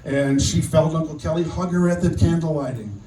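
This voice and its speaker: An older man giving a memorial speech as guest speaker, telling a personal story in a halting way, often repeating words. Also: on the high side. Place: outdoor memorial gathering. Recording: distant echoey sound with faint noise.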